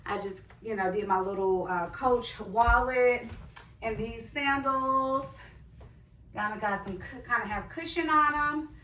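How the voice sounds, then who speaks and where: A woman's voice: fairly high pitch, a little slow, a bit bright, recorded from a distance. Chatty woman vlogger in an echoey room. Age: 40s. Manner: chatty, talks straight to viewers as "girl" and "sis". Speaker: fashion vlogger. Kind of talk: casual try-on haul chat.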